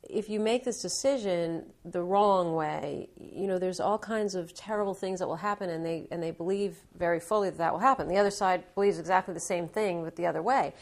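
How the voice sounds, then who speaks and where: A woman with a lowish voice, talking fairly quickly with hardly any pauses, is interviewed as an author and guest in a local TV studio. She explains her ideas fluently in conversation and acts out little examples.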